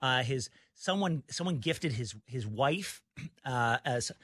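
A man from Canada, a guest in casual talk-show chat, telling anecdotes in a measured way with restarts. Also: mid-range voice, lively intonation, fairly bright tone, no echo, clean studio sound.

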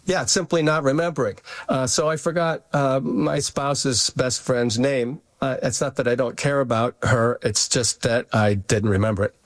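An older man speaking as a radio guest, his voice at a middle pitch on a dry, close mic. He explains things carefully and slowly, with many filler sounds. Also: fairly even intonation, no echo. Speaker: psychology professor guest. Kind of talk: radio interview.

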